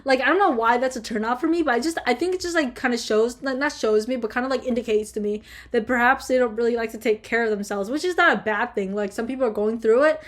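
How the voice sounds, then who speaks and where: A young woman vlogger answering viewer questions in a casual, heated rant, swearing constantly and filling every pause with fillers. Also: fairly high pitch. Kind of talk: casual ranting chat.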